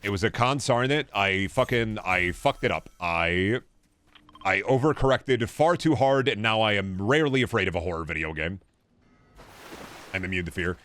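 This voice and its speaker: A young man with a fairly low voice keeps up casual commentary while he plays a video game on stream. He rambles between thoughts, swears freely and answers his viewers as he goes. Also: expressive, normal speed, fairly bright tone. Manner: rambling, profane, chatting with viewers while playing.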